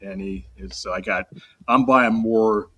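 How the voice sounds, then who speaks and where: Low, husky man rambling casually. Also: steady tone, a little slow, a bit bright. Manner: rambling, enthusiastic fan talk. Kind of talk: casual chat.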